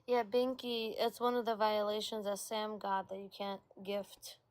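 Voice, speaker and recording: A woman's voice: mid-range voice, level tone, measured pace, no room sound. A woman co-hosting a livestream in casual chat, teasing and snappy. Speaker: livestream co-host.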